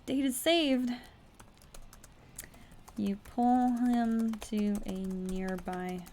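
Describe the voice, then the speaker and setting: A young woman streams a text adventure in a casual commentary style, reading the story lines aloud at speed. She keeps cutting in with blunt, incredulous remarks and the occasional swear. Her voice sits slightly high for a woman, with a noticeable gravelly fry. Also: very slow, mellow, a little hiss or hum.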